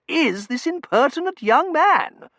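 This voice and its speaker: A man's voice: very high-pitched, big pitch swings, unhurried, pushed and bright, no echo, voice pushed up, full character voice. A man voicing a haughty, frosty Victorian matron who speaks with icy disdain. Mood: indignant.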